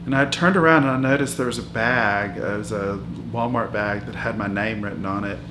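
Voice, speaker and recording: Here the man's pitch sits fairly low and his natural-sounding delivery runs a little fast as he voices a loud, brash 66-year-old woman living in a hotel. Her meandering mockumentary interview about her life is full of restarts and fillers. Loud music and noise fill the echoing room behind him.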